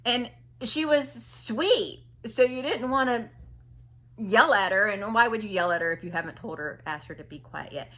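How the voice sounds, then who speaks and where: A woman's voice: a little high, moderate pace, sharp tone. A woman vlogger telling a story casually and animatedly, imitating people and laughing often.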